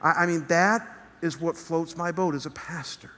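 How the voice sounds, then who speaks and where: A man's voice: a little high, steady tone, moderate pace, fairly bright tone. A male pastor preaching an earnest sermon from a church stage, building emphasis as he speaks. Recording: long reverb of a large hall.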